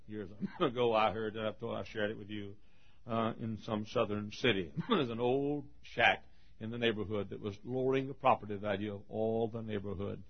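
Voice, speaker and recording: A man preaching a sermon, telling stories and laughing often between phrases, moving from hushed storytelling to shouted appeals. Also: fairly even intonation, moderate pace, creaky. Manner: swings from hushed storytelling to shouted high-pitched exhortation. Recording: dull lo-fi sermon recording.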